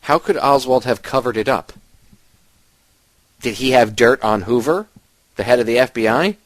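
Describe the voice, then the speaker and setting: A man's voice: mid-range voice, normal speed, no echo, low-quality recording. A man hosting a radio show, delivering an emphatic, ranting monologue straight to his listeners. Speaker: host.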